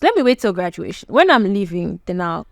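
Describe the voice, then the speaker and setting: A woman's voice: on the low side, big pitch swings, brisk, vocal fry. A woman voicing a scheming young male student in a casual, street-smart way.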